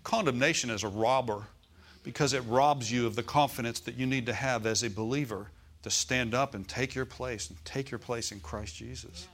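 A man's voice: medium pitch, normal speed, fairly bright tone. Conversational male pastor preaching. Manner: conversational preaching, asks the congregation for agreement. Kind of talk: sermon. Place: church.

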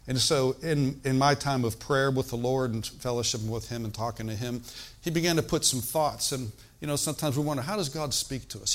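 An older man, a pastor, teaching a sermon in an easygoing, talky way and often checking in with the congregation. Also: mid-range voice. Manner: conversational preaching with frequent call-and-response asides.

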